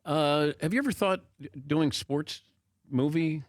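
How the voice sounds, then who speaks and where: A man hosting a sports talk show, asking relaxed questions in a casual interview and using filler words now and then. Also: fairly high pitch, takes it slowly, no echo, clean studio sound.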